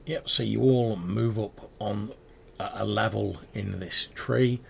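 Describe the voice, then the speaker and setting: Low-voiced man running a tabletop game, gravelly, rambling, relaxed narration. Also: takes it slowly, slight background noise. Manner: loose, rambling descriptions. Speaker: game master.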